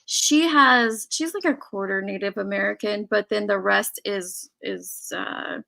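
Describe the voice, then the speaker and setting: A woman's voice: medium pitch, measured pace, gravelly, pushed and bright. A woman from Illinois hosting a casual live-stream chat, chatty and laughing often as she reads out viewer messages. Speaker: host.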